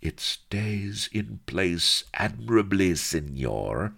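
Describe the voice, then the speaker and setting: A man's voice: extremely low pitch, lively intonation, measured pace, gravelly, fairly bright tone, heavily acted. A man voicing a hot-tempered male pirate captain in disguise who sounds flustered and archly formal.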